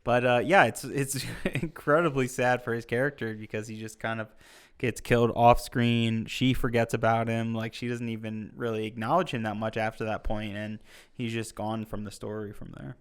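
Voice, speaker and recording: A man's voice: medium pitch, fairly even intonation, moderate pace, clear, resonant tone. A young adult man, a podcast co-host, giving loose, casual opinions on a film with frequent filler words.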